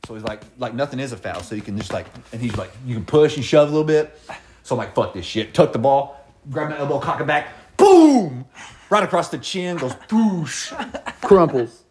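A young man in his twenties spins stories in loose, casual chat, full of swearing and bursts of laughter. His voice sits at an ordinary middle pitch. He talks with easy, animated energy. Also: fast talker, a little hiss or hum. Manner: profane, animated storytelling with laughs. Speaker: podcast co-host telling stories.

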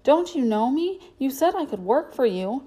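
A woman voicing a young runaway boy who is earnest and stubborn, in a higher voice than her own. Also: big pitch swings, normal speed, mellow. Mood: pleading. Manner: earnest, indignant.

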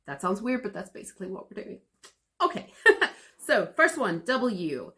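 A woman teaching pronunciation in a podcast lesson, calm and encouraging in a conversational way. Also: mid-range voice, normal speed. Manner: calm, encouraging, explains at an even conversational pace. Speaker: English teacher.

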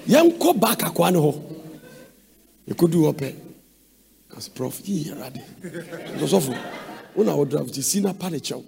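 A man from Ghana with a Ghanaian accent, preaching a sermon in a sing-song way that breaks into sudden shouts. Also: on the high side, sing-song, moderate pace, creaky, pauses often.

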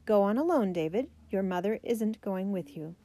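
A woman voicing a tired, gruff but kind father in a storybook reading, weary and matter-of-fact. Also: medium pitch, normal speed, dark tone, close to an everyday voice. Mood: commanding.

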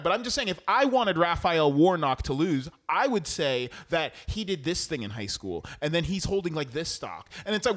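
A young man co-hosting a podcast, ranting about politics in a profane, mocking way and slipping into quick impressions. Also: high-pitched, a bit bright. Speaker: podcast co-host. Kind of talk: casual political rant.

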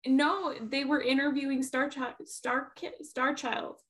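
A woman's voice: high-pitched, steady tone, measured pace, fairly bright tone. A woman chiming in on a casual chat, hesitant, correcting details.

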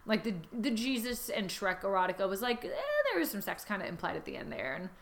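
A woman podcast host, doing a comedic reading with animated, jokey banter and casual swearing. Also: mid-range voice, quick pace, creaky.

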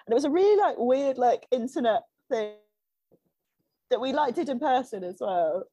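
A woman's voice: a little high, lively intonation, normal speed, mellow, soft background music. A young woman in casual podcast chat, telling stories with lots of filler words. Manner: chatty, filler-heavy storytelling.

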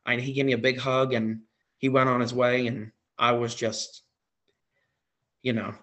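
A man, a wrestling impersonator on as a guest, telling a story in an excited casual way with many fillers and repeats. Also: medium pitch, a little slow.

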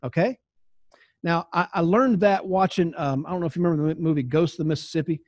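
A man's voice: on the high side, quick pace, dry recording. A Southern man in his forties, an insurance sales trainer, teaching in a conversational way and acting out talks with clients. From American South. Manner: conversational, acts out client dialogues.

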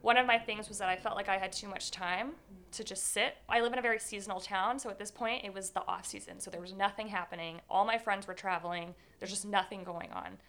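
A woman's voice: mid-range voice, fairly even intonation, quick pace, hardly any pauses, fairly bright tone. A young woman in her twenties, a guest telling her own story in an interview, candid and earnest, with many "like"s. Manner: candid, earnest, says 'like' often.

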